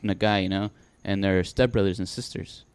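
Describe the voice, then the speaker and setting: A man's voice: low voice, steady tone, brisk, smooth, dry recording. Dry-sounding man rambling for words. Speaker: podcast co-host. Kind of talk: casual chat.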